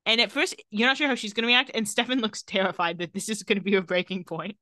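A woman's voice: mid-range voice, fairly even intonation, fast talker, pushed and bright, no room sound, clean studio sound. A woman co-hosting a podcast, casually recapping a TV episode scene by scene and quoting the characters. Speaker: podcast co-host.

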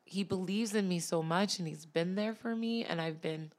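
A woman guest on a podcast, telling a personal story in a tearful, halting way and laughing through the emotion. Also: on the low side.

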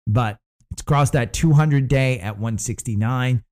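A man's voice: medium pitch, a little slow, a little mellow. A man from the United States hosting a casual stock market show, rambling through his picks with lots of fillers and restarts.

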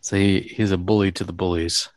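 A man's voice: low-pitched, level tone, fairly quick, no room sound. A man co-hosting an interview, chatting casually and playfully. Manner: joking, playful, slips into mock voices. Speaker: podcast co-host.

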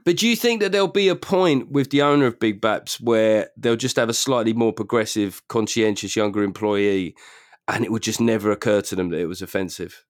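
A man's voice: lowish voice, fairly quick, no echo, clean studio sound. Joking man hosting. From South London. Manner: joking, riffing on names. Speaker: podcast host. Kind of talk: casual comedy chat.

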